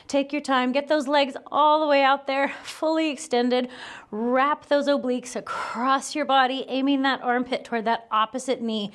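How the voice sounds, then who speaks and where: A woman's voice: sits high, a bit bright. A woman leading a guided Pilates workout, cueing each move while exercising along and a little out of breath. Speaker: Pilates instructor.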